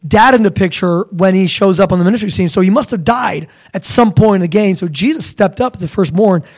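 A young man preaching a sermon in a lively, conversational way, now and then acting out voices of biblical figures. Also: high voice, brisk.

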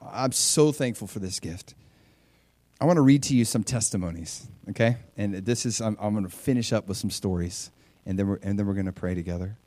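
A middle-aged male pastor preaching a sermon, lively and conversational, with frequent stammering restarts. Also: lowish voice, brisk, no room sound. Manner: animated, stammering restarts, acts out voices in stories.

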